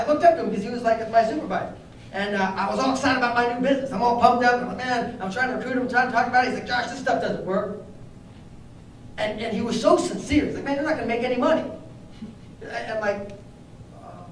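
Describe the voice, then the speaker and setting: A young man with a strikingly high voice gives an energetic motivational training talk, quizzing his audience as he goes. The sound is heavily echoey, captured from some distance away in a room with a faint background hiss. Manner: energetic, storytelling, asks the audience questions. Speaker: network marketing trainer.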